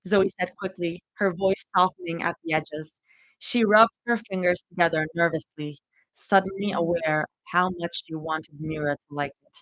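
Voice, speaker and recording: A woman reading fanfiction aloud in an expressive, heartfelt live reading. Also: lowish voice, moderate pace, dry recording, low-quality recording. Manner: expressive reading with emotional reactions. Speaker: fanfiction reader.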